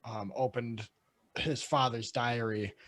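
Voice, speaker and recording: Brief: male co-host, casual rambling talk, mid pitch. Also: steady tone, fairly bright tone. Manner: rambling, halting with fillers and restarts. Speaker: podcast co-host. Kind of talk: casual chat.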